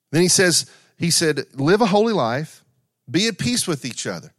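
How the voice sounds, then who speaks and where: A man's voice: a little high, a bit bright, no room sound. Conversational male preacher, dry close sound. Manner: conversational preaching with asides and repetition. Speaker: pastor. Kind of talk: sermon.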